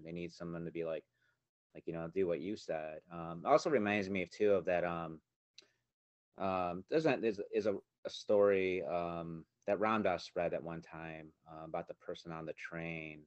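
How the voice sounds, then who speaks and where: A man co-hosting a podcast, telling stories in a relaxed way with many fillers. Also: deep voice, dry recording, muffled recording. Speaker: podcast co-host. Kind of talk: casual spiritual chat.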